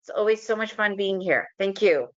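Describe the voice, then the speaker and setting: A woman's voice: mid-range voice, lively intonation, moderate pace. A woman wrapping up a webinar talk on a video call, friendly and upbeat. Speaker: guest presenter. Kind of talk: webinar presentation wrap-up. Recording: dull lo-fi online call audio.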